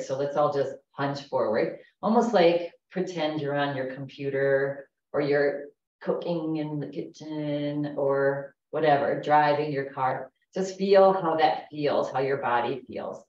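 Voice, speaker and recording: A woman instructor leading a chair yoga class, calm and gentle, giving slow breathing cues. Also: low-pitched. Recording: echoey, distant, dull room recording.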